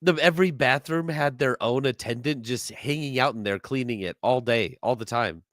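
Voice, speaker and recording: Laid-back joking podcast co-host. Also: male voice, mid-range voice, moderate pace, a bit bright, no room sound, studio quality. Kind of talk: casual gaming news chat.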